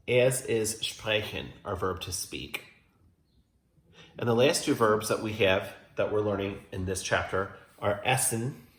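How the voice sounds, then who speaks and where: A man teaching German grammar at a whiteboard, explaining step by step and patiently, with emphatic stress on key words. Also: fairly low pitch. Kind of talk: classroom lesson explanation. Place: classroom at a whiteboard. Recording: roomy classroom echo.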